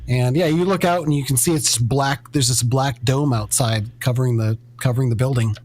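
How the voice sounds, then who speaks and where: A man's voice: medium pitch, brisk. Man running a tabletop game. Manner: relaxed, hesitant with fillers. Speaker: game master.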